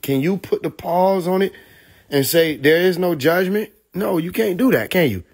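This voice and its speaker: A man from Atlanta, telling profane, animated stories on a live stream, laughing often. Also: sits high, moderate pace, creaky, breathy edge. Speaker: livestream host. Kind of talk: casual storytelling on a live stream.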